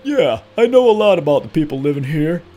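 A man's voice: fairly high pitch, big pitch swings, a little fast, warm tone, faint music behind, pitched above the performer's own voice. A man voicing a friendly middle-aged male bartender from a video game, reading his lines aloud in a chatty, cheerful way.

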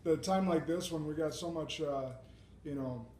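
A man's voice: normal speed, a little mellow. A man hosting a podcast interview, talking casually and hesitantly with many fillers. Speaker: podcast host. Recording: echoey room with faint rumble.

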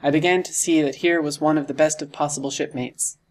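A man reading a classic adventure novel aloud in a steady storytelling manner. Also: fairly high pitch, fairly quick. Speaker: audiobook narrator. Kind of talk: scripted narration.

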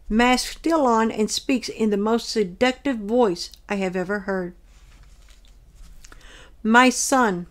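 A woman narrating her own religious dream as a testimony, reading in an earnest, measured way. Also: a little high.

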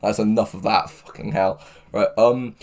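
A man's voice: lowish voice, fairly even intonation, moderate pace, darkish tone. Crude, joking man on stream. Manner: crude, joking, laughs often. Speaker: livestream host. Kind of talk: casual stream chat, reading chat aloud. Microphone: headphones with mic.

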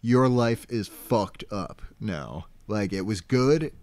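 A man's voice: on the low side, lively intonation, slow, a little mellow, no room sound. A man co-hosting a podcast in casual chat, laid-back and blunt, swearing freely. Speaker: podcast co-host.

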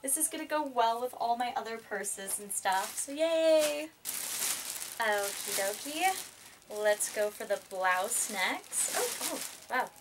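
Gushing young woman with a high voice. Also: slow, noisy background. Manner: gushing, excitable, rambling with frequent gasps. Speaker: vlogger. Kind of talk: casual unboxing chat.

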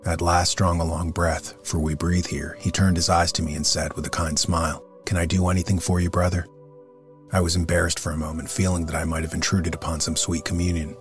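A man narrating a classic paranormal audiobook in a measured, solemn, steady reading. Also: sits low, faint music behind. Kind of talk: scripted narration.

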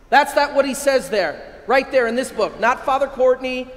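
A man who is a priest, giving an animated keynote sermon and leading his audience in call-and-response. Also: very high voice, normal speed, few pauses. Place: large hall. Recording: echoey hall.

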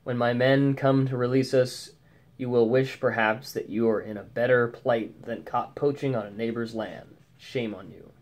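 A man's voice: mid-range voice, fairly even intonation, moderate pace, close to an everyday voice. Stern, fearless noble landowner, read by a man in a story reading.

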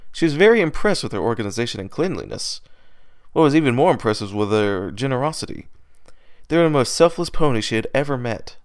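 A man reading a fan-written story aloud at home, steady with small slips and restarts, close to his microphone. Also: mid-range voice, clean tone, dry recording. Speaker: fan fiction reader. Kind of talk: amateur read-aloud narration.

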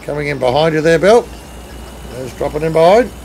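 A man with an Australian accent hosts a relaxed live stream, bantering with friends while reading viewer comments aloud. His voice sits a little high and has a gravelly edge. A faint hiss lies under the talk. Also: fairly quick, rough recording. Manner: chatty, reads and answers chat while driving. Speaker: streamer leading a truck convoy. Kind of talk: casual live-stream chat.

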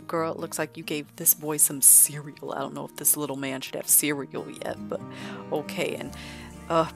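Chatty woman narrating a game. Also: sits low. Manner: chatty, heavy use of "like". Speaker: let's play narrator. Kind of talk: casual game commentary.

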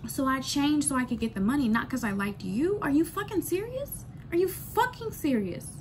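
A woman's voice: high voice, very animated, moderate pace, slight background noise. A woman ranting bluntly in a candid storytime vlog, swearing freely and repeating lines for emphasis. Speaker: vlogger.

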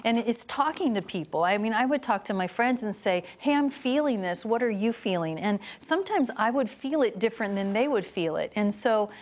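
A middle-aged woman speaking as a guest on a Christian talk show, telling lively stories and acting out what people said. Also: fairly high pitch, brisk, few pauses. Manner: animated storytelling, acts out quoted voices.

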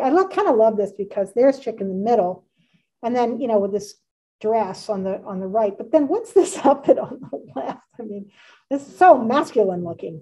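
A woman's voice: mid-range voice, mellow. A woman in her sixties giving a casual art history lecture, chatty and enthusiastic, with frequent asides. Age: 60s. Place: community center meeting room. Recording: distant, dull room recording.

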